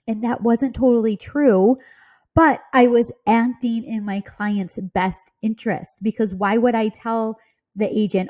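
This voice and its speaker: A woman hosts a real estate podcast and tells her story in casual, chatty asides, giggling often along the way. Her voice is mellow and warm and sits at a middle pitch. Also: steady tone, unhurried.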